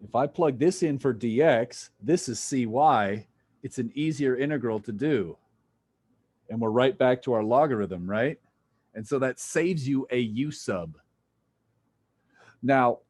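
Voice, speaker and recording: A man's voice: mid-range voice, a little mellow. A man lecturing a physics class, casual and jokey, thinking aloud as he works through problems with students. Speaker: physics instructor.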